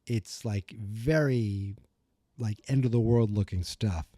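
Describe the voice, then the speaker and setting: Recapping an episode on his podcast, a man chats loosely with plenty of "you know" and "like," voicing the characters' lines along the way. He speaks slowly in a mellow, low-leaning voice, with clean studio sound and no room sound.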